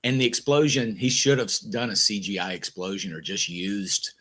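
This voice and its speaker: A man's voice: fairly low pitch, moderate pace, a bit bright. A man on a podcast panel, chatting casually in a subdued way. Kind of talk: casual chat.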